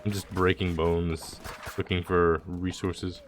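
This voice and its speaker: Guy streaming a game, rambly and jokey, lowish voice, faint music behind. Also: moderate pace. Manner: rambling, jokey, mock-dramatic. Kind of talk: casual gameplay commentary.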